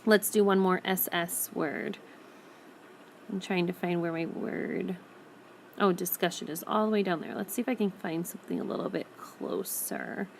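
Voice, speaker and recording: A woman teacher giving a recorded phonics lesson on a tablet screencast, patiently and clearly sounding out each word. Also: lowish voice, steady tone, normal speed, a little hiss or hum. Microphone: tablet screencast microphone.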